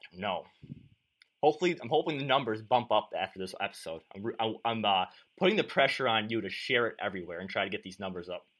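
A man's voice: on the low side, animated, fast, fairly bright tone. A man hosting a sports media podcast, chatty and self-deprecating, interviewing a guest.

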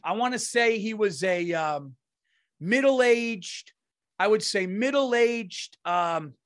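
Profane, rambling man telling stories, high voice, dry sound. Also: a bit bright, dry recording. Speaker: comedian podcast host. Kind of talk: casual storytelling chat.

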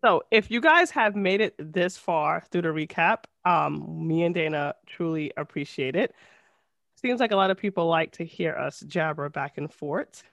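A woman's voice: low voice, lively intonation, normal speed, creaky, a bit bright, dry recording. A woman co-hosting a podcast with an accent, chatting casually and rambling with giggles. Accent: non-native English accent. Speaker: podcast co-host. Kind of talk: casual chat.

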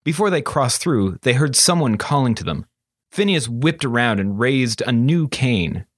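A man narrating a fantasy story as an audiobook, steady and expressive. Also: mid-range voice, a little slow, dry recording, studio quality.

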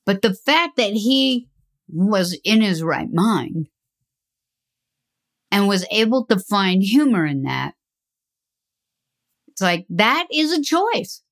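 Older woman, very slow pace, middle pitch, rambling, chuckling, reflective advice talk. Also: sing-song. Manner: unhurried, rambling, chuckles often. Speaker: speaker giving life advice.

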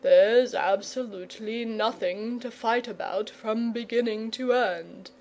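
A woman's voice: fairly high pitch, unhurried, a little mellow. A woman voicing a nervous, polite, stubborn male dragon in a storybook reading. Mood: genial, fussy. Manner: polite, fussy and coy.

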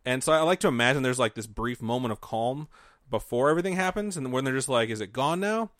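A man's voice: mid-range voice, quick pace, fairly bright tone, no echo, clean studio sound. A man co-hosting a podcast, telling a spooky story in a casual, joking, profane way. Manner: profane, jokey, mocking asides. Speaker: podcast co-host.

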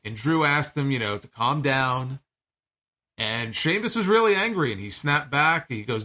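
A man's voice: mid-range voice, expressive, moderate pace, sharp tone. A man giving a chatty, digressive recap of a wrestling show, speaking casually and acting out the lines he quotes.

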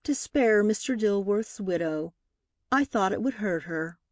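A woman's voice: fairly low pitch, takes it slowly, no room sound, clean studio sound. A woman reading the part of a sentimental, defensive woman witness in a courtroom, speaking sweetly. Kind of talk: audiobook character reading.

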